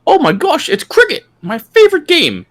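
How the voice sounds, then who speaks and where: A man's voice: wildly swooping pitch, moderate pace, a bit bright, heavily acted. A man doing a chirpy mock British sports fan. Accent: put-on British. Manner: high sing-song parody voice.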